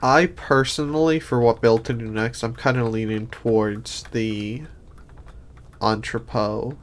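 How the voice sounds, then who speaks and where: A man's voice: mid-range voice, steady tone, measured pace, slight background noise. A sleepy man streaming a game in casual commentary, rambling and thinking aloud with many restarts. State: sleepy, yawning.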